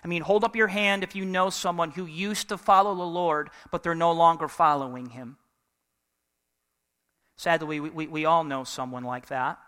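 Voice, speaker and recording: A man preaching in a church sanctuary, his high, bright voice carrying a long reverb tail. He speaks smoothly and clearly, with fired-up energy, and keeps prompting the congregation to answer back. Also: normal speed. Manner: energetic, call-and-response with congregation. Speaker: pastor. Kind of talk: sermon.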